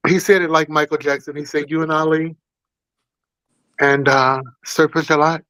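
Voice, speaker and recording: Brash male co-host, profane banter, a touch high-pitched. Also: little pitch movement, moderate pace, pushed and bright, clear, resonant tone, no room sound, poor audio. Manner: boastful, profane trash talk. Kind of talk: casual chat.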